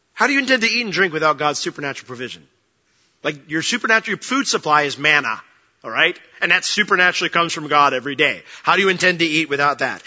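Animated, bright-voiced male preacher. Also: a little high, big-room sound, lo-fi sound. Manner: animated, humorous preaching with acted-out quotes. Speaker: pastor. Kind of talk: sermon.

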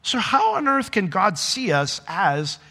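A man preaching a sermon in a conversational, animated way, with asides to the congregation. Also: high-pitched, a little slow, in a large hall. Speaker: pastor.

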